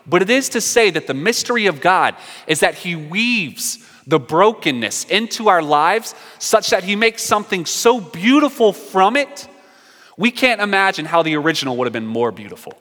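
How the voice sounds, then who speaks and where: A man delivers a sermon with a bright, ringing voice that sits somewhat high. He is earnest, pressing some lines hard and dropping others almost to a hush. A long reverb from a large hall trails after his words. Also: sing-song, normal speed. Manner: earnest, swings from emphatic to hushed. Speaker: pastor.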